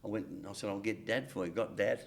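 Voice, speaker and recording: A man's voice: fairly low pitch, steady tone, fast, slight background noise. An older Australian man, a guest on a sports chat show, telling long anecdotes with frequent stumbles and restarts. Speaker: guest, former cricketer. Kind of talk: storytelling in casual chat.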